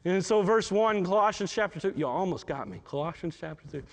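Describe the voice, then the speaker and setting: High-voiced emotional man preaching. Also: expressive, brisk, few pauses, slight background noise. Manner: repeats words and restarts often, emotional and heartfelt. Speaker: pastor. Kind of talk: sermon.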